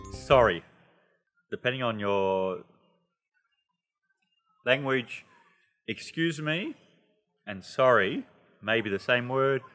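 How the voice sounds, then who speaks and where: A man with an Australian accent giving a casual, chatty English lesson, animated and playful, with many asides. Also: lowish voice, in a large hall. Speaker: English teacher.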